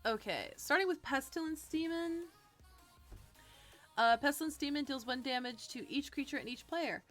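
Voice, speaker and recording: Brief: young woman streamer, bubbly and giggly, voice sits on the higher side, faint music underneath. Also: moderate pace, a bit bright. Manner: bubbly, giggly, talks to chat. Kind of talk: casual live-stream chat.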